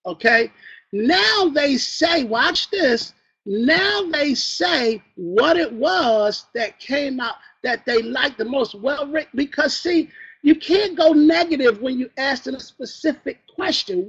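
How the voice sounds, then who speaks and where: A man with a high, bright-edged voice drives a motivational sales training session. He preaches more than he lectures and keeps firing questions at the room. The recording is muffled and lo-fi. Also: slow pace, vocal fry. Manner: energetic, preacher-like, quizzes the audience.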